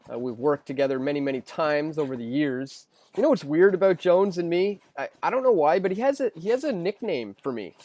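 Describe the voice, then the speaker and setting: A man's voice: medium pitch, a little mellow. A young man hosting a casual live stream, reading viewer questions aloud and rambling through answers with lots of fillers and restarts. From Canada.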